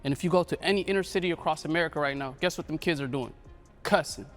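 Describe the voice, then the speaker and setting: Assertive man with higher voice. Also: fast, soft background music. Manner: assertive, emphatic. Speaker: hip hop platform runner. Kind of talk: panel discussion.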